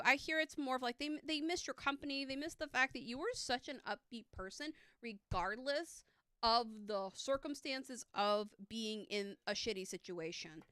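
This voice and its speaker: A woman's voice: a little high, sharp tone, smooth, no echo. A woman giving a live tarot reading, chatty and upbeat, with lots of fillers, speaking close to a streaming mic.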